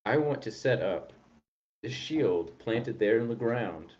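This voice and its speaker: A man's voice: mid-range voice, expressive, takes it slowly, a little mellow, muffled recording, a little hiss or hum. A man hosting a podcast, chatting playfully and rambling about a tabletop game. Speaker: podcast host. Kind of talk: casual chat about tabletop gaming.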